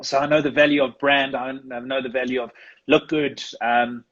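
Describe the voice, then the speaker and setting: A South African man chatting casually as a guest photographer, laughing often and clearing his throat. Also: mid-range voice, flat delivery, normal speed, fairly bright tone, highs cut off. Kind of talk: casual live chat.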